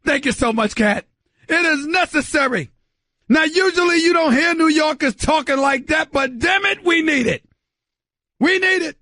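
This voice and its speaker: A man's voice: very high voice, moderate pace, no room sound, clean studio sound. A middle-aged man from New York hosting a sports radio show, giving an emphatic monologue that repeats phrases and addresses the listeners directly. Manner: loud, shouting, emphatic and theatrical.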